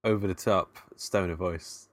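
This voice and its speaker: Low male podcaster, hesitant and chatty, dry room. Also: steady tone, measured pace, dry recording. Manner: recaps the plot with hesitant fillers and laughs. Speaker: podcast co-host. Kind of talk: casual film review chat.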